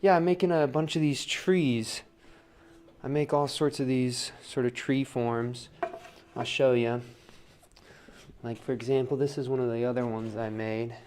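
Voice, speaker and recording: A man's voice: mid-range voice, fairly even intonation, unhurried, a little mellow. A man demonstrating wheel throwing on a livestream, talking casually, counting his pulls aloud and asking "right?" a lot. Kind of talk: live-streamed pottery demo. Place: pottery studio at the wheel.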